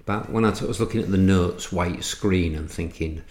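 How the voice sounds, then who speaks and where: A middle-aged man from England, an entrepreneur and author, telling anecdotes in a podcast interview, halting with restarts and fillers. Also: low voice, darkish tone, echoey room.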